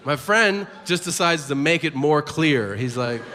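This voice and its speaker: A man doing a stand-up set, telling stories with animated shouted voices. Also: fairly high pitch, measured pace. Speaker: stand-up comedian. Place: large venue with audience. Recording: live hall with crowd noise.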